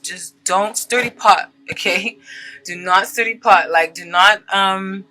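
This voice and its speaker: A woman's voice: medium pitch, sharp tone, rough recording. A woman giving a casual tarot reading to her viewers, chatty and earnest, often checking in with "okay?" as she reads card meanings aloud and comments on them. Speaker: tarot reader.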